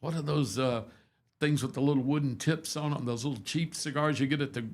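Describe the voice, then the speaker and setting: A man's voice: mid-range voice, steady tone, a little fast. A man in his seventies, a radio host, telling rambling, self-deprecating stories in a casual, folksy chat. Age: 70s.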